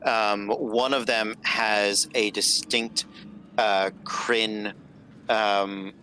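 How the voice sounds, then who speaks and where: A man's voice: on the low side, flat delivery, extremely slow, sharp tone, a little hiss or hum. A man narrating as game master of a tabletop game, loose and apologetic, with lots of fillers.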